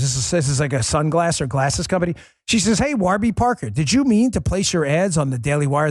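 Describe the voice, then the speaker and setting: Rich: A man with a fairly high voice hosts a political talk show, sarcastic and mocking as he rants. He turns animated, jumping up in pitch when mimicking others, and the sound is close and dry, as from a studio mic. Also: dry recording. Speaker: host.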